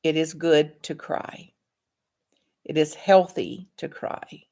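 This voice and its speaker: Slow, low-voiced woman reading calmly. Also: gravelly. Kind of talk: reading aloud from her own book.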